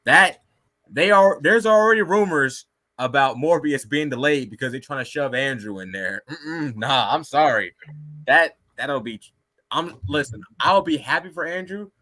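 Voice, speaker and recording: Bright voiced guy on a podcast, all over the place pitch-wise, blunt and sweary. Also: normal speed. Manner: animated, blunt, swears freely. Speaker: podcast co-host. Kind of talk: casual podcast chat.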